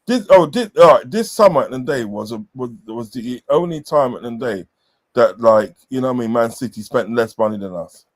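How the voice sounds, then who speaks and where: A man's voice: medium pitch, lively intonation, moderate pace. A man telling rambling, sweary football stories in a casual chat, repeating filler phrases. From southern England.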